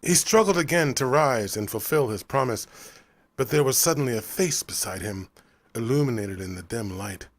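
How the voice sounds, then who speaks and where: Measured and even, a man reads from a novel in his role as audiobook narrator. He speaks at a medium pitch, and the recording carries no room sound.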